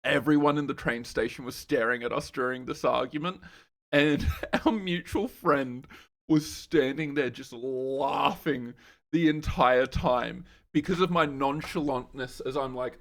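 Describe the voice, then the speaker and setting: A man's voice: medium pitch, measured pace, a bit bright. A young man streaming a game, casually telling a story in a laid-back way, swearing and laughing as he goes.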